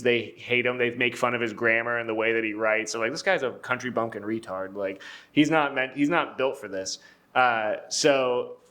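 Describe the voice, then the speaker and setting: A man's voice: mid-range voice, fairly bright tone. A young man co-hosting a podcast, talking through history in a casual, joking way, laughing and swearing often. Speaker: podcast co-host.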